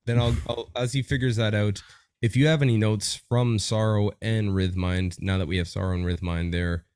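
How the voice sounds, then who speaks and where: Chatty, low-voiced livestream host man. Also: steady tone, normal speed, a little mellow, smooth, dry recording. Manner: upbeat, chatty, rambling. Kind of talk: livestream hosting.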